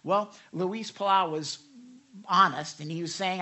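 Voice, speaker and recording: A male pastor delivers a sermon in a bright, somewhat high voice. He talks conversationally, with restarts and asides to the congregation. When he quotes people, he lifts his voice and acts the lines out. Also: unhurried. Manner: animated storytelling, acts out quotes with raised pitch.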